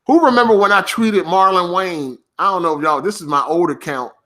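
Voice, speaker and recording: Guy going off at his stream chat, lots of cussing, high bright voice. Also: a little fast. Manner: profane, animated, reacting to chat. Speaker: podcast host. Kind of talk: casual livestream rant.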